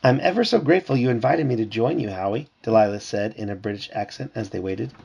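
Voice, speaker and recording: A man reading a storybook aloud to his child at home, lively and putting on character voices. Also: fairly low pitch, fast talker, gravelly, dull audio, noisy background.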